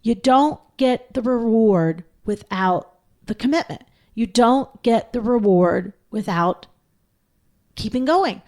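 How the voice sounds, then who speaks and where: A woman tells a story in a podcast chat, earnest and emphatic. Her voice sits a little high, and she builds each point with conviction. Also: dark tone. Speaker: podcast co-host.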